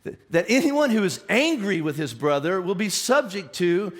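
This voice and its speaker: Animated man preaching a lively sermon. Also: high voice, normal speed. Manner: animated, conversational, many restarts and acted questions. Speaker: pastor.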